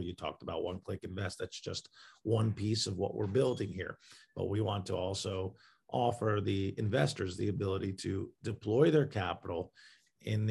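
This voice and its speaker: Guy with a low gravelly voice, kinda husky, explaining his startup platform with lots of uhs. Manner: explanatory, many fillers and restarts. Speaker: crowdfunding platform founder. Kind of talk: interview answers.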